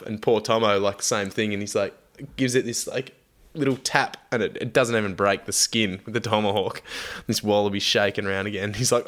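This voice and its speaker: A man's voice: lowish voice, fairly even intonation, brisk, fairly bright tone. An Australian man, a young adult, swearing freely and telling stories animatedly in casual chat.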